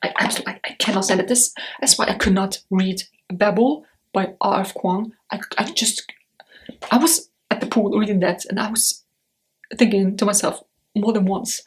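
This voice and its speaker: A woman's voice: mid-range voice, fairly even intonation, normal speed. Chatty, rambling woman book vlogger. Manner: chatty and rambling, blunt opinions, frequent fillers. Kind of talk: casual chat to camera.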